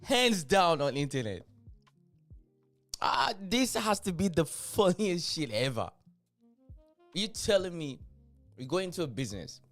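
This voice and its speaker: A man's voice: high voice, a little slow, pauses often, soft background music. A man hosting a reaction video, talking casually and laughing in disbelief at clips. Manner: animated, laughing, incredulous.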